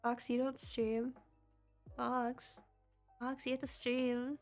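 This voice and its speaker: A young woman with a high, light voice talks with her chat in a relaxed, unhurried way during a casual livestream. She giggles a lot and teases herself, and soft music plays quietly in the background. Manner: giggly, chatty and self-deprecating. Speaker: VTuber streamer and model rigger.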